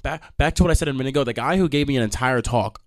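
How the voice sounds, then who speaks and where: A young man hosting a podcast, telling stories in a casual, profane rant with sudden loud outbursts. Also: mid-range voice, rapid-fire. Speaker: podcast host.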